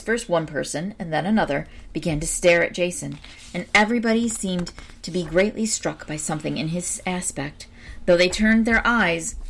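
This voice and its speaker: A woman narrating a storybook aloud in a measured, expressive way. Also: lowish voice, creaky, breathy edge.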